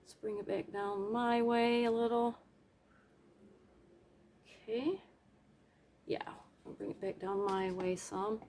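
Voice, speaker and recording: A woman's voice: mid-range voice, steady tone, slow, long pauses, a little mellow, slight background noise. A woman casually narrating her acrylic paint pouring at home, chatty and self-deprecating, with playful sound effects and humming. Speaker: craft vlogger.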